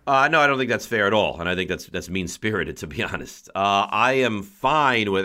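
A man's voice: fairly low pitch, expressive, moderate pace, hardly any pauses, sharp tone. A man hosting a sports talk show, playfully grumpy and emphatic in his complaints. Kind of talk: casual chat.

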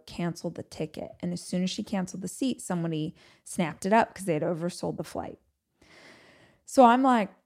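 Woman host, solo podcast, chatty and animated storyteller, mid-pitched. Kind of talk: casual solo podcast monologue.

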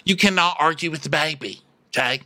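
A man co-hosting a podcast, recapping a show in casual comedic chat, campy and animated. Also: on the high side, a little fast. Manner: animated, campy, acts out quoted lines. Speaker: podcast co-host.

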